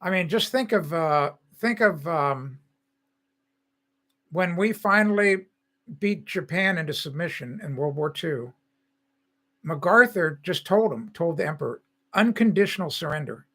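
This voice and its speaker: A man's voice: on the high side, lively intonation, unhurried, pauses often, pushed and bright. An older man hosting a live stream, talking casually in a chatty, rambling and opinionated way, with frequent restarts. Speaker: host.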